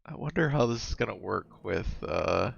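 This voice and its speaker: A man's voice: on the low side, animated, normal speed, gravelly, no echo, muffled recording. A man playing a board game over a voice call, chatting casually and laughing often while telling stories.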